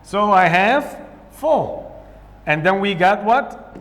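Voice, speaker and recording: A man's voice: high voice, lively intonation, takes it slowly, fairly bright tone. A male English teacher with a Somali accent, teaching grammar in a lesson, asking questions and answering them himself. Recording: echoey room with long reverb.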